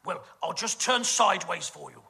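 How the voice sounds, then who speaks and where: Here a British comedian performs a camp, gossipy routine heavy on innuendo. His high, creaky voice is bright and forceful, with lively intonation and a moderate pace.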